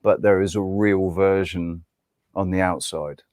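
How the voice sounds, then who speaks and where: A man with a lowish voice thinks aloud in a casual panel chat. He stops, restarts and gropes for the right word. The sound is close and dry, with no room around it. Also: steady tone, darkish tone, dry recording. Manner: halting, searching for words with many restarts. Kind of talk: casual group discussion.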